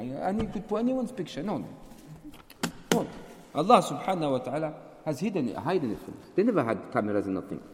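A man's voice: mid-range voice, very animated, fast talker, background noise. A man leading a casual group question-and-answer session, chatty and storytelling, slipping in Urdu words. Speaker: community teacher leading a Q&A. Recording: echoey hall.

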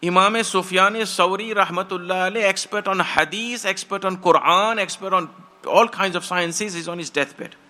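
Bright-voiced impassioned male preacher. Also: high voice, moderate pace. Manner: impassioned storytelling, acts out quoted voices. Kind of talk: sermon.

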